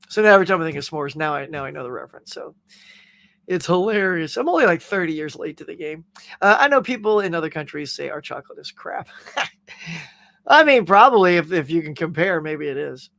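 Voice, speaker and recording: A man's voice: fairly high pitch, expressive, fairly quick, gravelly, fairly bright tone. A man hosting a casual pop culture show, chatting and rambling through viewer comments with frequent laughs. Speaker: podcast host reading viewer comments. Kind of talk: casual chat.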